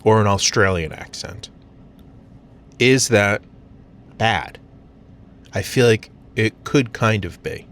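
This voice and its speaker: A man's voice: fairly low pitch, slow pace, long pauses, fairly bright tone. An American man vlogging from his parked car, rambling casually with lots of fillers and self-mocking asides. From United States.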